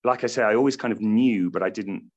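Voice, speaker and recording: A British man with a low, deep voice talks about his stage role in a relaxed interview. He rambles and restarts his sentences often, laughs easily, and keeps the tone loose and conversational. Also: fast, dull audio. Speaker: stage actor playing a comedian. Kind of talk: casual interview chat.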